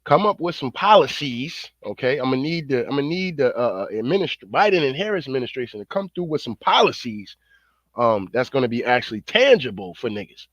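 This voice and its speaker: A man's voice: mid-range voice, very animated, fairly quick, fairly bright tone, dry recording, muffled recording. A man doing profane reaction commentary, slangy, rambling and fired-up. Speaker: online commentator.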